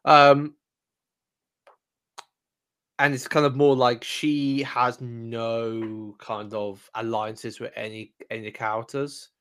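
A man's voice: medium pitch, flat delivery, takes it slowly, long pauses, a bit bright, smooth. A man co-hosting a podcast review, chatting casually with many fillers and restarts. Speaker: podcast co-host.

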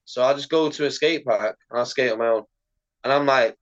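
A man speaks in a loose, animated podcast chat, swearing freely and scattering "like" through every thought. His voice sits at an ordinary middle pitch. The recording sounds dull and lo-fi. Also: a little fast. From Britain. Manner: animated, heavy swearing, lots of "like" fillers. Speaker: podcast guest, pro skateboarder. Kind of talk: casual podcast interview.

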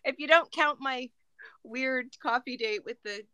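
A woman in her thirties co-hosting a podcast, talking openly and reflectively, with gentle hesitations. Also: high-pitched, measured pace, smooth, no echo. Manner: reflective, open, hesitant with fillers. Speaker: podcast co-host. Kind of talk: casual chat.

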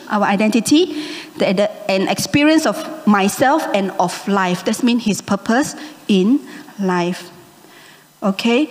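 A woman preaching a sermon, telling a story with animated delivery and often checking in with the congregation. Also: a little high, long reverb tail. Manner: animated, asks the congregation "okay?" and "amen?".

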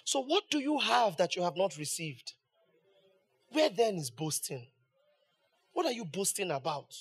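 A man's voice: high voice, big pitch swings, measured pace, breathy edge. A man preaching a sermon as pastor, building emphasis with rhetorical questions.

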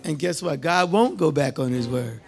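A man preaching a sermon, calling out to the congregation and repeating lines, moving from loud cries to hushed tones. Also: a little high, normal speed, vocal fry. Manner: call-and-response, repetitive, swings from loud to hushed.

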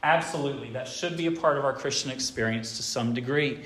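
A middle-aged man preaching a sermon to his church, swinging between loud emphatic stretches and quieter ones. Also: medium pitch, quick pace. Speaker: pastor.

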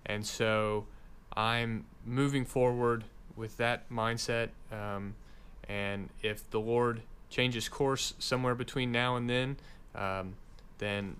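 A young man who is a seminary student, speaking in an earnest, deliberate and devout way about his calling. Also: mid-range voice, fairly even intonation, fairly bright tone, clean tone. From Alabama, USA. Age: young adult. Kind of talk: casual interview chat.

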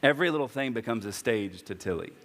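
A man's voice: animated, fast talker, fairly bright tone, big-room sound. A man in his thirties preaching a sermon, earnest and personal, rising to impassioned emphasis. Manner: earnest, builds to impassioned high-pitched preaching. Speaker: pastor.

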